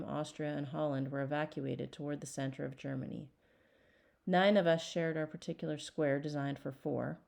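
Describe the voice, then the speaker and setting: A woman reading a memoir aloud as an audiobook, in a measured and earnest first-person narration. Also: deep voice, creaky, a little mellow. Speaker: audiobook reader.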